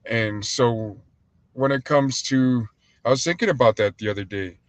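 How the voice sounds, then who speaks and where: A man's voice: mid-range voice, normal speed, no echo. A man hosting a casual livestream, talking in a loose, rambling and heated way, full of fillers. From United States. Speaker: livestream host and restaurant owner.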